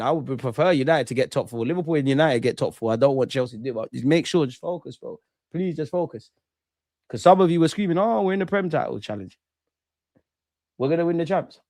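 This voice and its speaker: A man's voice: fairly high pitch, dry recording, studio quality. A young man, a streamer ranting and mocking rival fans in slang-heavy banter during a live football watch-along. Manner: brash, mocking rants with London slang.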